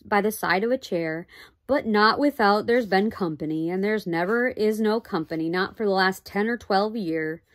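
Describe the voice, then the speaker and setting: A woman's voice: medium pitch, dry recording, lightly acted. A woman voicing a wary, plain-spoken tiny borrower father with rustic, ungrammatical talk in a storybook reading.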